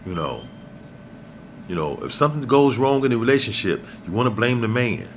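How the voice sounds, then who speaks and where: A man's voice: mid-range voice, very animated, fairly quick, a little hiss or hum. A middle-aged man hosting his own vlog, delivering a blunt, profane, preachy rant that keeps repeating points for emphasis. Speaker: vlog host. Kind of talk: ranting monologue to camera.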